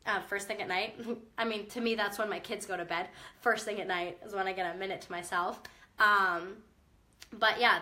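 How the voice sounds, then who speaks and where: A woman's voice: mid-range voice, bright, forceful tone. A young woman, a mom with a chest cough, giving casual, upbeat motivational talk to her viewers with direct encouragement. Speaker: mom vlogger.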